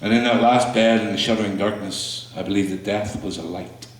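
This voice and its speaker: Low-voiced man reading poems in an echoey room. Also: fairly even intonation. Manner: slow, halting delivery with fillers between poems. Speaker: poet performing his work. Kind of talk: spoken word poetry reading. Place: small room with audience. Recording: echoey room, mic far off.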